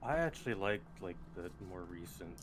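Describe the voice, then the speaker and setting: A man's voice: sits low, expressive, moderate pace, background noise. A man chatting casually as a guest on a talk show, laid-back with short agreeing replies. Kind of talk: casual chat.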